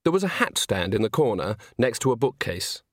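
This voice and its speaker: A man narrating a storybook in a wry, expressive reading voice. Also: medium pitch, a little fast, no echo, clean studio sound. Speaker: audiobook narrator.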